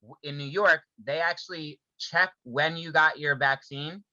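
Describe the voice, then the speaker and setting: A man co-hosts a casual podcast, talking in a loose, conversational way full of fillers and questions. His voice is sharp and bright, a little higher than most men's. The sound is dull and lo-fi, with a dry, close feel. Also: fairly even intonation, a little slow, no echo. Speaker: podcast co-host. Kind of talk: casual chat.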